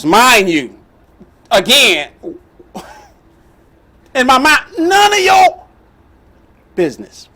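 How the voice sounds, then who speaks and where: A middle-aged man telling a personal story as the host, animated and emphatic. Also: very high-pitched, extremely slow, long pauses, slight background noise. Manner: animated, emphatic, with laughs and outbursts.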